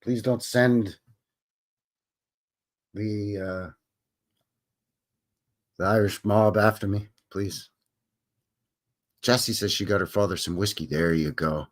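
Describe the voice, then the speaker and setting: A man's voice: lowish voice, takes it slowly, pauses often, fairly bright tone. A man from Canada hosting a casual live stream, rambling and joking with his chat. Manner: rambling, jokey, chuckles to himself. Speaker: livestream host.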